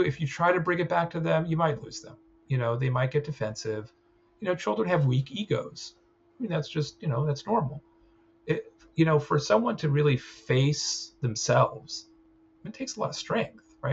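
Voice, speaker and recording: A man's voice: on the high side, expressive, moderate pace, gravelly, slight background noise. A man teaching a clinical training session, explaining ideas in a loose, conversational way and often checking in with "right?". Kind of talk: recorded training lecture. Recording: slightly dull sound with faint ambience.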